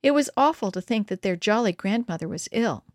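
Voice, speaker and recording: A woman reading a storybook aloud in a steady, even manner, her pitch sitting in a middle range. The sound is dry and close with no room around it. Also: a little fast, no echo. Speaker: narrator.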